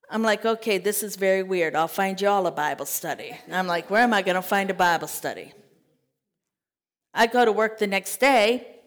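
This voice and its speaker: A woman teaching a Bible study as a sermon, lively, acting out scripture and conversations in other voices. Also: medium pitch. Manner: animated, acts out scripture quotes and conversations. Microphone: podcast mic.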